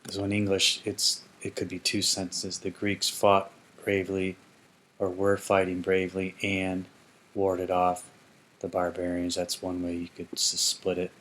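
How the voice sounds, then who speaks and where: A man's voice: low-pitched, completely flat delivery, measured pace, a bit bright. A man teaching ancient Greek grammar in a casual explanatory lesson, thinking aloud and correcting himself as he goes.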